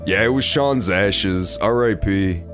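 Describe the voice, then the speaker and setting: A young man streaming a game, reacting loudly and swearing often in casual commentary. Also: sits low, takes it slowly, over music. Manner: animated, reactive, swears often, loud outbursts. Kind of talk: let's play commentary.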